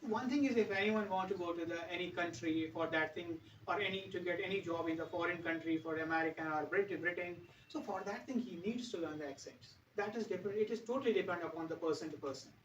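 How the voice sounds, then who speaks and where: A man's voice: sits high, quick pace, few pauses, fairly bright tone, slight background noise. An Indian man teaching spoken English to a class, earnest and repeating his points to explain them. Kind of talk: classroom speaking lesson. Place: classroom with podium. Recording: roomy, dull, distant classroom sound.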